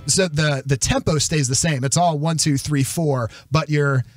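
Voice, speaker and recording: A man's voice: mid-range voice, unhurried, hardly any pauses. A man hosting a podcast in a casual conversational interview, enthusiastically talking through music and counting out beats. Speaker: podcast host.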